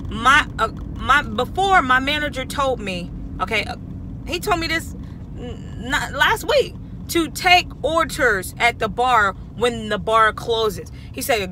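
Woman, young adult, bright tense voice, animated storytelling, faint traffic behind. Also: on the high side, unhurried. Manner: animated, repeats "okay?" constantly. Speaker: vlogger. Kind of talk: casual storytelling vlog.

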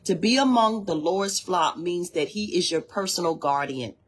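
A woman's voice: on the low side, lively intonation, moderate pace, breathy edge. A woman leading an informal devotional livestream. She preaches fervently, repeats phrases for emphasis and urges listeners to say lines back to her. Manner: reads from a text between spontaneous exhortations. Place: indoors near a hallway.

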